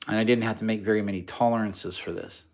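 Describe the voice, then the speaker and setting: A man's voice: lowish voice, steady tone, fast. A man hosting a casual livestream, talking through a build in a rambling, joking, technical way.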